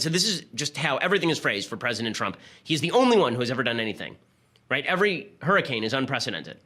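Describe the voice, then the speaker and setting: A man hosting a political commentary show, talking in a rapid, sarcastic, argumentative way. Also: mid-range voice, sing-song, pushed and bright. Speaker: host.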